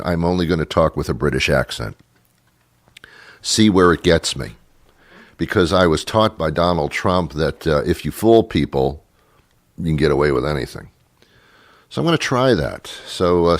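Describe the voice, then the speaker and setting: A man's voice: sits low, no echo, studio quality. A man hosting a talk show, speaking in a sarcastic, rambling way and laughing often. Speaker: radio talk show host. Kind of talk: casual monologue.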